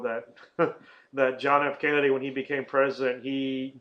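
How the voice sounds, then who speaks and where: A man's voice: medium pitch, fairly bright tone, lo-fi sound. A man hosting a casual movie-review podcast, rambling and swearing, often laughing and acting out silly quotes. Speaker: podcast host.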